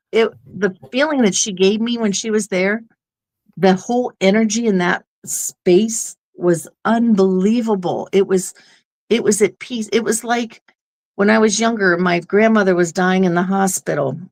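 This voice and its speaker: A woman guest on an interview show, telling a personal story in an earnest, rambling way. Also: mid-range voice. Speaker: guest medium.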